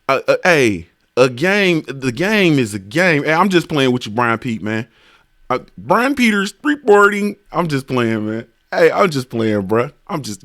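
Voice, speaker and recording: A man's voice: medium pitch, fairly bright tone, dry recording, clean studio sound. A man hosting a casual livestream, greeting viewers by name in a laid-back, slangy, sing-song way. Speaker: livestream host.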